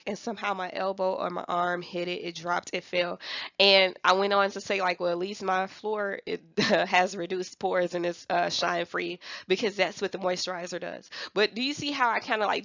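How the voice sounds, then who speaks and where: Chatty woman with a gravelly edge. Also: mid-range voice, no room sound, muffled recording. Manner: chatty and animated, often laughs, asks viewers "right?" and "okay?"; slips into playful quoted voices of other people. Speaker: Avon sales representative teaching online selling. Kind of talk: casual coaching talk to viewers.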